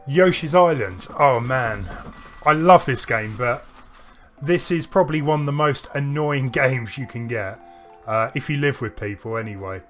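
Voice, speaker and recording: A man's voice: mid-range voice, normal speed, a bit bright. Guy rambling about old games on a stream, faint game music behind. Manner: rambling, with frequent restarts and laughs. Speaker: streamer co-host. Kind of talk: casual chat while playing games.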